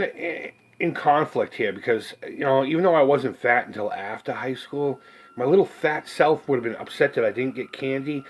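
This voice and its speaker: A man in his forties hosts a casual collectibles unboxing video, rambling, cursing freely, joking around and laughing. His voice is mid-range and slightly rough, and the recording is low quality.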